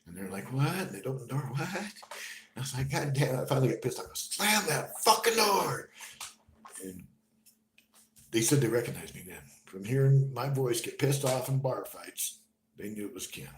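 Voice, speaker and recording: A man telling a personal story in a halting, conversational way, dropping to a murmur and then bursting out loud. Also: medium pitch, expressive. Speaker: storyteller recounting his own experience. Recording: roomy room with faint noise.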